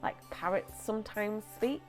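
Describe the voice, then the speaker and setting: A young woman presenting a lively children's church story, chatty and animated. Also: medium pitch, normal speed, faint music behind. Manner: animated, chatty, acts out voices.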